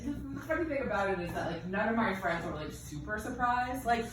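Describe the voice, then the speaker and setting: Speaking a little fast with few pauses, a woman in her 30s delivers a chatty, self-deprecating stand-up set in a high, sing-song voice, heavy on fillers and asides. A roomy, distant venue mic records her with crowd laughter and background noise.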